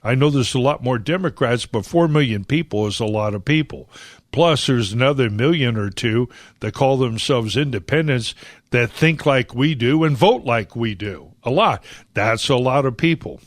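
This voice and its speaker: A man hosting a political talk radio show, opinionated and halting, with many fillers and restarts. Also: mid-range voice, dry recording, studio quality.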